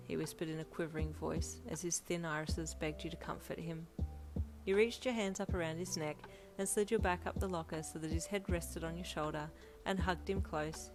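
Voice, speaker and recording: A woman narrating a fanfiction audiobook in a steady storytelling manner. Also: lowish voice, moderate pace. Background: faint lo-fi music.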